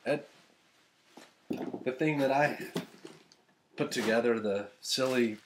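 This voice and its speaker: A man unboxing gifts from fans at home, talking casually and rambling, getting excited and cracking self-deprecating jokes. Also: mid-range voice, slow, pauses often, noisy background. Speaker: author unboxing fan gifts. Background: thunder and a dog's collar.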